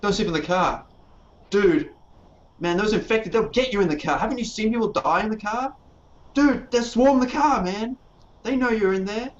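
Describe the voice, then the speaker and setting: A man voicing an excitable young male player who keeps frantically warning others, over a dull lo-fi recording. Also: normal speed, lightly acted. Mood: panicky. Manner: frantic, insistent, high-pitched.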